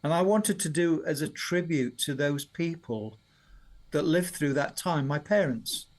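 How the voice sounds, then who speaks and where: A man's voice: fairly high pitch, unhurried, a little mellow. Chatty older man. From Sheffield, Yorkshire, England. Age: 70s. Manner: chatty, rambling storyteller who laughs often. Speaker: songwriter guest. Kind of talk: radio interview chat.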